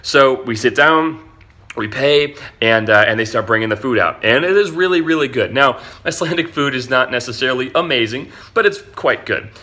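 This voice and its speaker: A man's voice: mid-range voice, animated, moderate pace, sharp tone. A man telling a story casually as an online marketing vlogger, chatty and slangy. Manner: chatty, slangy, says "dude" a lot.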